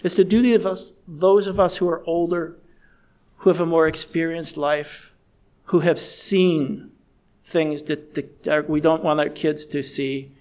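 A middle-aged man preaching a sermon in a measured, earnest way, slowing down to stress key words. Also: a little high, a little mellow. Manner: measured, earnest, slows down for emphasis.

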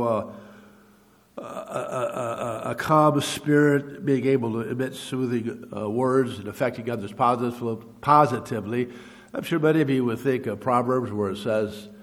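A man preaching a sermon in a measured, teaching manner, with halting fillers and repeated words. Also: medium pitch, big-room sound.

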